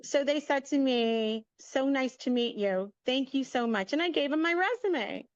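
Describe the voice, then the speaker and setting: Here a middle-aged media entrepreneur appears as a guest, chatty and animated as she relates a story and performs the quoted dialogue. She has a high voice and talks at normal speed. There's no room sound, and the highs are cut off.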